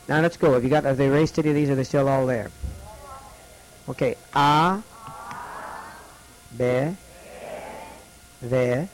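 A man teaching a classroom lesson, slowly repeating each letter's sound for students to copy. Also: mid-range voice, vocal fry, rough recording.

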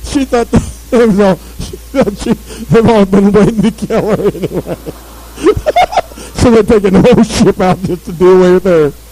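Casting: a man, husky and mellow, slightly high pitch, amused retelling. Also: moderate pace, poor audio. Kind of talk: casual chat.

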